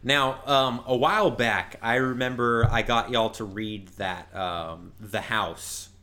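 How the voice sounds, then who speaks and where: A man in casual podcast chat, musing in a relaxed, slightly hesitant way. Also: medium pitch, slow.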